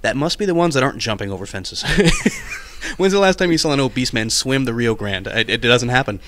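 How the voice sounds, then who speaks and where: A man's voice: medium pitch, huge pitch swings, fairly quick, fairly bright tone, slight background noise. Sarcastic man laughing through a podcast chat. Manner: sarcastic, laughs often between lines. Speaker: podcast co-host. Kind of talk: casual round-table chat.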